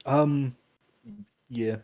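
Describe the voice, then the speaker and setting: A man's voice: mid-range voice, steady tone, extremely slow, a little mellow. A man playing a tabletop game in a casual, rambling way, laughing often. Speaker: player. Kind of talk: tabletop role-play.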